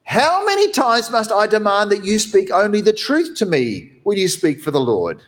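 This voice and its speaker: A preacher putting on a whiny shouting king. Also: sits high, big pitch swings, normal speed, in a large hall, voice pushed up. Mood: demanding. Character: petulant, angry grown male king.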